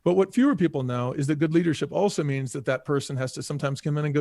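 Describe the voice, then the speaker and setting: A man's voice: a little high, fast, hardly any pauses, darkish tone, no echo, clean studio sound. A man from the United States, a podcast guest and former restaurant executive, talking casually with many "you know" fillers and acting out quotes. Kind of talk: casual conversational interview.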